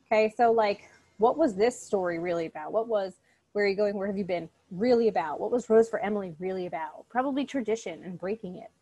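A woman's voice: medium pitch, quick pace, dark tone. A woman, a college English instructor, giving a recorded online lecture in a casual, chatty way, often checking in with "okay?" and speaking directly and encouragingly to her students.

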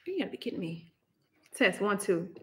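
A woman's voice: mid-range voice, very animated, brisk, a little hiss or hum. A young woman hosting a casual livestream, chatty and exclaiming, often laughing, talking into a laptop microphone. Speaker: livestream host.

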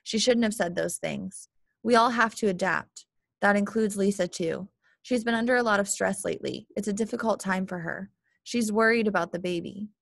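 A woman reading as a quiet, earnest father. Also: normal speed, gravelly, no echo, clean studio sound. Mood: gentle. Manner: low, calm, earnest.

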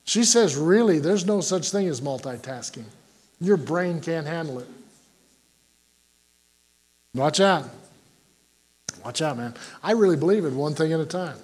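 Folksy joking older pastor, high-voiced man. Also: expressive, a little slow, long pauses, a little mellow, slightly rough. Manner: folksy and joking, with frequent "Amen?" to the congregation. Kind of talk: sermon.

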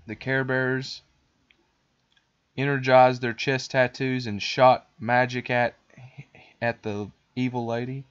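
A podcast host, a man with an ordinary mid-range voice, rambles through a story with lots of "um"s and restarts. He sounds casual and animated. The audio is dull and lo-fi. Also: medium pitch, slow pace, pauses often, smooth. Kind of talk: casual retelling of a cartoon.

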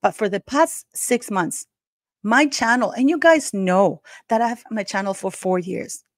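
A woman from Canada vents on her own channel in an indignant, emphatic commentary, turning to her viewers again and again. Her voice sits at an ordinary middle pitch. The sound is dry, with no room echo. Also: measured pace. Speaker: YouTube channel host. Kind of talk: heated commentary vlog.

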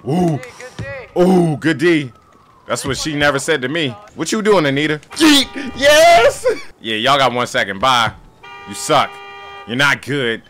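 A young man gaming on camera and commentating his soccer match, joking, trash-talking the players and breaking into sudden yelling outbursts. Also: a little high. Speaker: gaming YouTuber. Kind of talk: playing a soccer game and commentating.

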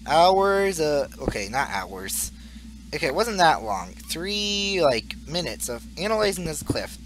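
Rambling, goofy young gaming commentator. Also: male voice, on the high side, fairly bright tone, slight background noise. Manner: rambling, goofy, laughs at his own jokes. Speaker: gaming YouTuber. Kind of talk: casual Let's Play commentary.

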